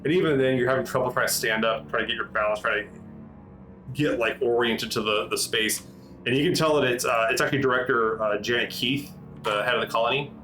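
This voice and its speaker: A man's voice: mid-range voice, brisk, bright, forceful tone, faint music behind, poor audio. Rambling man running a tabletop game. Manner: rambling, many restarts and fillers. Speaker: game master.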